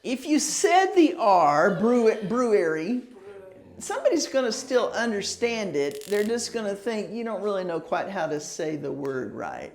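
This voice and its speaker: An American woman teaching English pronunciation patiently, repeating words slowly and laughing easily. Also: medium pitch, sing-song. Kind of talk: pronunciation lesson, casual explaining.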